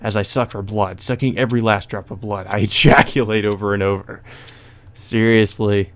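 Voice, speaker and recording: A man's voice: fairly low pitch, steady tone, moderate pace, fairly bright tone. A man hosting a let's play, reading a visual novel aloud and breaking off for hesitant asides full of ums and restarts.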